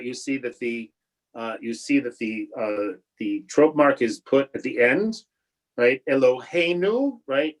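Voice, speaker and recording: A man leads an online Hebrew prayer class as its rabbi, heard through a video call. His voice sits at an ordinary middle pitch. He talks in a halting, patient way, stopping and restarting often as he encourages his students. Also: poor audio. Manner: halting, with many restarts and fillers. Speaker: rabbi teaching a bar and bat mitzvah class.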